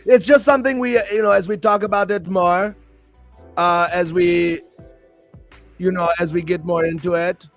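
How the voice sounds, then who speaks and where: High, gravelly hype-man host. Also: fairly even intonation, moderate pace, faint music behind. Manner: hyped, rambling, playful hype-man. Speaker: host and professional wrestler. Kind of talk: live stream talk show chat.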